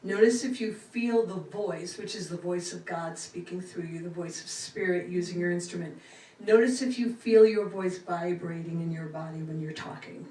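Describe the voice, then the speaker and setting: A middle-aged woman giving a spiritual talk to a congregation with a lively, laughing cadence. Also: fairly low pitch, normal speed. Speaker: inspirational speaker. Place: church sanctuary. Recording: roomy hall from far off.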